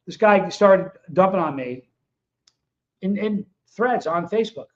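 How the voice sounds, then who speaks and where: On a dull, lo-fi recording, a man running his own livestream addresses viewers with casual, blunt, combative energy. He speaks in a high-pitched, animated voice at a slightly slow pace.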